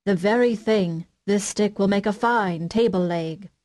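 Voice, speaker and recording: A woman's voice: mid-range voice, measured pace, darkish tone, lightly acted. A woman voicing an old male carpenter who mutters to himself and grows frightened, in a storybook reading. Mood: pleased. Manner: muttering to himself, trembling and stammering.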